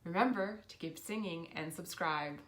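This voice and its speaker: A woman vocal teacher coaches to camera, leading each exercise step by step in a calm, teaching tone. Her voice is lowish and her pace moderate.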